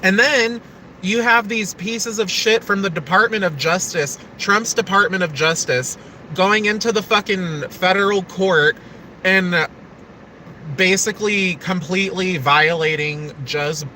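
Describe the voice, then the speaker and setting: A man rants into a live stream, angry and profane, hammering each point with emphasis. His voice sits a little high and rings bright and forceful. Faint outdoor traffic hums behind him. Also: rough recording. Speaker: livestreamer. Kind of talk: casual live stream rant.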